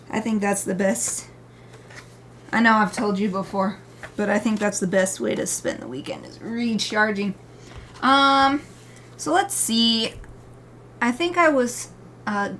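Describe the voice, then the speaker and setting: A woman's voice: a little high, slight background noise. A woman artist live-streaming her drawing session, chatting casually with viewers and explaining each coloring step as she works. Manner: chatty and upbeat, greets viewers warmly, laughs often.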